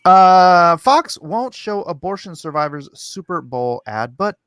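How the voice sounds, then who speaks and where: A man's voice: on the high side, animated, unhurried, few pauses, a bit bright, no echo, clean studio sound. A man hosting a casual livestream, reading viewer comments aloud and chatting back in a rambling, self-deprecating way. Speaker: livestream host.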